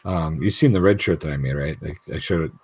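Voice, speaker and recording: Casual livestream host, man from the United States, low husky voice, swears freely while telling stories. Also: quick pace, a little mellow. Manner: storytelling, swearing, acting out quoted voices. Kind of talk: casual chat.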